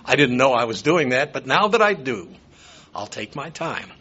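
A man's voice: mid-range voice, sing-song, moderate pace, sharp tone, husky. Folksy older preacher in his seventies. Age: 70s. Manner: folksy, rambling asides. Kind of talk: sermon. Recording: dull lo-fi sound.

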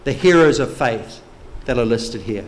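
A man preaching a sermon, teaching slowly and emphatically through Bible verses. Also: medium pitch, animated. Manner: slow, emphatic Bible teaching with occasional light laughs.

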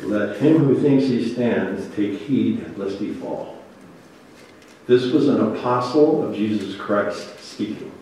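A man's voice: on the low side, lively intonation, slow, mellow, slight background noise. A man preaching a sermon, reading scripture aloud and then commenting on it earnestly. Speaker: pastor. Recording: very echoey room, voice from a distance.

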